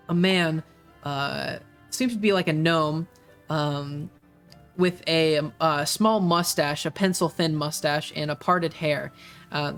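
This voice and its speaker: A game master narrating a tabletop game, halting often with uhs and ums. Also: mid-range voice, a bit bright. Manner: halting, filled with many uhs.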